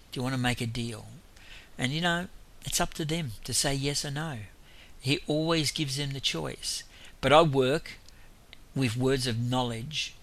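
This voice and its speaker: A man's voice: mid-range voice, pushed and bright. A man preaching in an informal testimony style, telling rambling stories with frequent chuckles.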